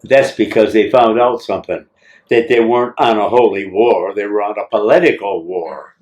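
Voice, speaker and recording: An older man, a war veteran, telling his story in an oral history interview with a teasing, lively manner. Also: fairly low pitch, normal speed. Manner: lively, acts out scenes, teasing.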